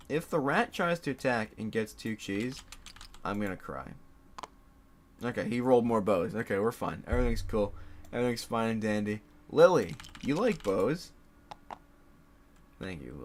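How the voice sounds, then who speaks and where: A man's voice: medium pitch, a little hiss or hum. A young man casually commentating his solo board game play, swearing, laughing and talking to his game pieces.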